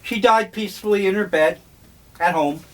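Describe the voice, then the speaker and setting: An older man reminiscing in a slow, rambling, wryly humorous monologue. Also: high voice, fairly bright tone, a little hiss or hum. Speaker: vlogger.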